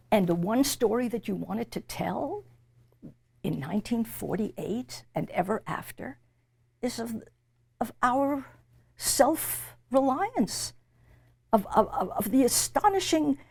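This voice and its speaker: Older woman with a gravelly, husky voice. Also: mid-range voice. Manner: emphatic, animated, repeats words when searching for a phrase. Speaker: interviewee, literature professor. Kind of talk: reflective conversation.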